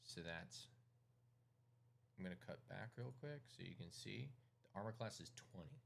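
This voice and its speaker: A man narrating as game master, calling dice rolls in a casual, halting way with many fillers. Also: low voice, animated, creaky, a little hiss or hum.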